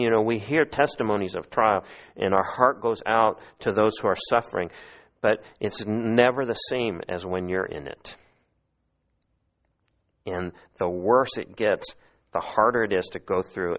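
Earnest man preaching, low voice. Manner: earnest, pleading when quoting scripture. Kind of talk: expository sermon.

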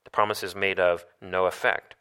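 A man's voice: low-pitched, level tone, moderate pace, pushed and bright, clean tone. A man preaching a sermon, reading Bible verses aloud and asking the listeners rhetorical questions.

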